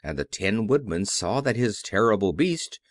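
A man narrating a children's audiobook in an expressive, animated reading. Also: on the low side, moderate pace, dry recording, clean studio sound.

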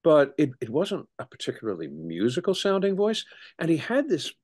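A middle-aged man, a historian, speaking as an interview guest in an animated storytelling way with frequent restarts. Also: a little high, moderate pace, husky. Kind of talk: conversational interview.

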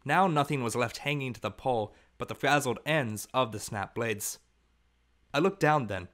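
Man, audiobook narration, measured, steady, mid-pitched. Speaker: audiobook reader.

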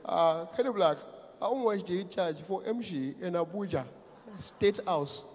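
A man doing an impression of an elderly head of state who speaks low, soft and murmuring. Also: a little slow. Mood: calm. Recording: echoey hall, live stage.

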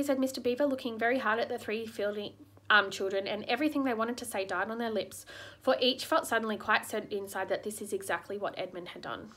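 A woman reading a children's book aloud, expressive, with small stumbles. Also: medium pitch, fast. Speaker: storybook reader.

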